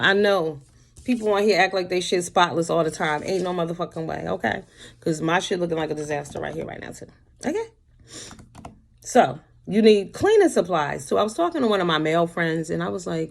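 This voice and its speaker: A woman speaks in a rough, gravelly tone, pitched slightly low. She rants bluntly and sassily to camera from her home, with profanity running all through her commentary. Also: expressive, fairly quick. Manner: blunt, sassy, heavy cursing. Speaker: commentary vlogger.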